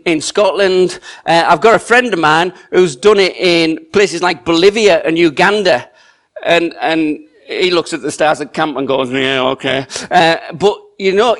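A middle-aged man preaching a sermon in a conversational, storytelling way, often restarting his sentences. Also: fairly high pitch. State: choked with emotion.

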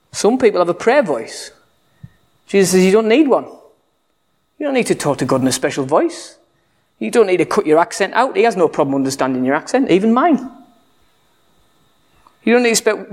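A man's voice: high-pitched, very animated, normal speed, pauses often. A man preaching a sermon in a conversational, humorous way, full of rhetorical questions. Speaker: pastor.

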